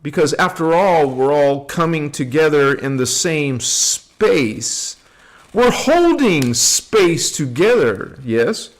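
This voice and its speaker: Male livestream host, unhurried and playful, chatty and giggly, greeting viewers one by one. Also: on the high side. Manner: playful, laughs often, greets viewers by name; relaxed and unhurried. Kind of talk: casual spiritual livestream chat.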